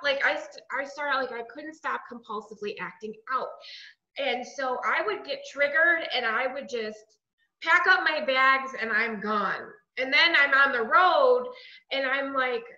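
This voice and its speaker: A woman shares her recovery story in a high, bright voice. She acts out the dialogue with lively, chatty energy. Her voice rings in an echoey room on a dull, lo-fi recording. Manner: animated storytelling with quoted dialogue and frequent "like".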